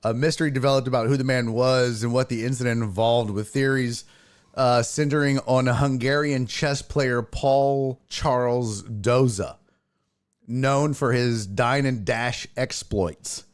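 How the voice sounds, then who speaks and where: A man hosting a sports podcast, chatting casually, excitable and profane, often laughing and imitating voices. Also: mid-range voice, measured pace.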